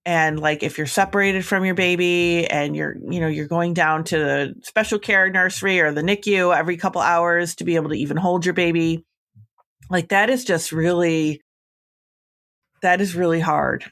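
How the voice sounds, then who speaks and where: A woman's voice: on the low side, steady tone, moderate pace, fairly bright tone. A woman podcast host with a chatty, reassuring way of talking, giving advice in a casual conversation with many "like" fillers.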